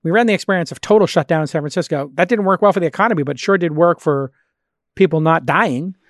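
Speaking at a quick pace, the slightly high-voiced man hosts a casual podcast conversation. The recording is dry and studio quality, and he chats freely, restarting lines while thinking aloud.

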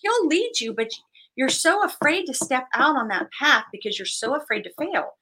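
A woman in her forties, a guest and business owner, telling her story in an animated, faith-filled way and acting out voices as she goes. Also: high-pitched, moderate pace, a loud crowd. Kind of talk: conversational interview storytelling.

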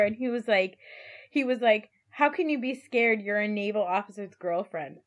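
A woman co-hosting a casual film chat, animated and laughing, acting out scenes from the movie as she retells it. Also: on the high side, normal speed. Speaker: podcast co-host.

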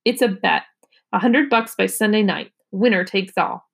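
A woman's voice: medium pitch, normal speed, gravelly, slightly rough. A woman reading aloud, voicing a stubborn fourth-grade boy with a sulky, scornful tone.

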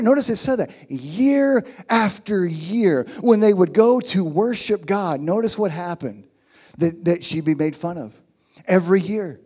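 A man's voice: high voice, lively intonation, moderate pace, a little mellow, husky. A man preaching a sermon as pastor, emphatic and repeating his key phrases.

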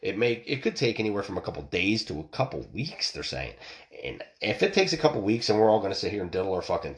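A middle-aged man ranting and telling a story bluntly, swearing often and restarting his sentences. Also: low voice. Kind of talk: profane ranting monologue.

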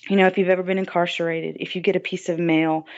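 A woman's voice: on the low side, level tone, fast. A woman guest on a podcast interview, telling a personal story in an earnest, reflective way, often saying "you know". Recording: dull lo-fi dry recording.

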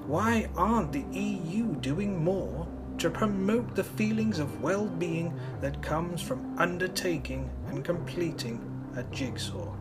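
Deadpan man, mock-serious podcast. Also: high-pitched. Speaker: podcast host. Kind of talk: deadpan comic monologue. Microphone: phone microphone. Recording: music bed underneath.

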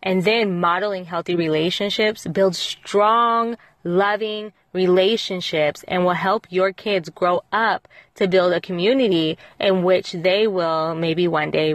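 A woman's voice: fairly low pitch, no room sound. A middle-aged woman hosting a parenting show, giving earnest, reflective advice in casual talk with fillers and restarts. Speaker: parenting podcast host.

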